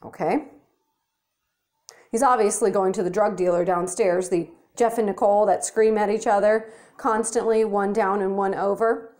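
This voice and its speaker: A woman's voice: mid-range voice, steady tone, moderate pace, darkish tone. A young woman ranting to camera in her apartment, profane, blunt and exasperated, filming on a handheld phone. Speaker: vlogger. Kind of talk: angry rant to camera.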